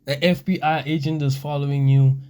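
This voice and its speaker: A man's voice: on the high side, fairly even intonation, brisk, a little mellow, clear, resonant tone. A man co-hosting a casual chat, reacting to the story and rambling with fillers. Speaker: co-host.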